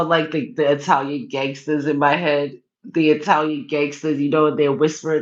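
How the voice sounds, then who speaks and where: A woman's voice: sits low, little pitch movement, normal speed, muffled recording. A woman hosting a casual livestream, reading viewer comments and giving card readings in a teasing, coaxing, playfully pushy way.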